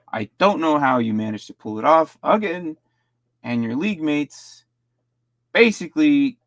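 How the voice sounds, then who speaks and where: Gravelly man rambling through roster reviews. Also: medium pitch, no room sound. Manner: rambling, stumbles and repeats words. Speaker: fantasy football streamer. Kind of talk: casual live-stream roster review.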